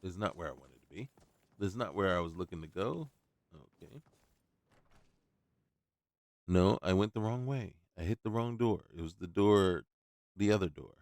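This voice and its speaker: A man's voice: low-pitched, normal speed, long pauses, darkish tone, no room sound. A man giving casual let's-play commentary, muttering to himself while looting and breaking into playful outbursts. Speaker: gaming YouTuber.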